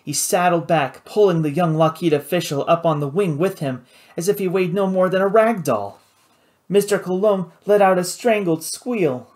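A man's voice: high-pitched, moderate pace, a little mellow. Man narrating an adventure audiobook. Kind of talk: scripted narration.

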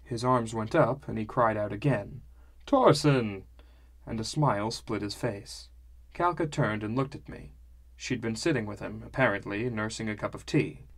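A man narrating a fantasy audiobook in the first person, in a measured storytelling manner. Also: fairly low pitch, a bit bright.

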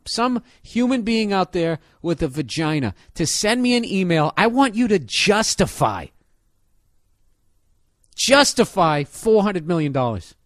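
A man's voice: high-pitched, fairly bright tone, no echo, studio quality. A man comedian delivering a profane, sarcastic rant in a casual monologue style. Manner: ranting, sarcastic, heavy swearing.

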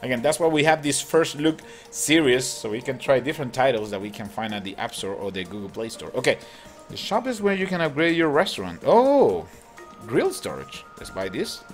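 A man hosting a gaming channel, chatting excitedly and laughing as he comments on a mobile cooking game. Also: mid-range voice, fairly quick. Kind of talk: casual gameplay commentary. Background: game music.

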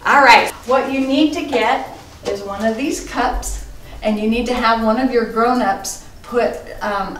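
A middle-aged woman teaching a children's church lesson, gentle and sing-song, with bursts of excitement. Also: on the high side, far from the mic, noisy background. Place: church room. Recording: echoey room, voice from off-mic, soft music behind.

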